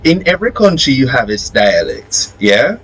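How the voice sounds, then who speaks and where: A man's voice: medium pitch, wildly swooping pitch, moderate pace, over a noisy crowd, low-quality recording. A man in a casual podcast discussion, arguing his point with rhetorical questions. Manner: argumentative, building a case with rhetorical questions. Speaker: podcast host.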